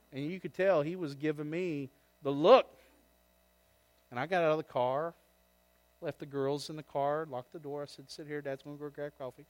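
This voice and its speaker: A middle-aged man preaching as a pastor, his voice sitting a little high for a man. He speaks in a casual, folksy way, calling out "man" and "right?" to the room. His sermon swings between loud, raised exhortation and quiet, low storytelling.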